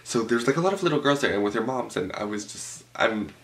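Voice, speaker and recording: A young man telling an animated, profane story at home, full of "like" fillers. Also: medium pitch, quick pace, creaky. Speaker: vlogger. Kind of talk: storytime vlog. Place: home room with a cloth backdrop.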